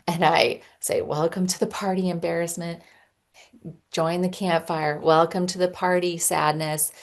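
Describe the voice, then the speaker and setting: A woman in her thirties hosting a podcast, casually teaching a mindfulness practice with frequent ums and restarts. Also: deep voice. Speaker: podcast host and parent coach.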